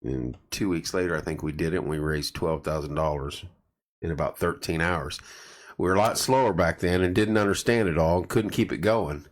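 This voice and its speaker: Hosting a laid-back live chat, a middle-aged central Indiana man speaks in a deep, fairly quick voice even as he loses it. He wanders from topic to topic and says hello to viewers by name.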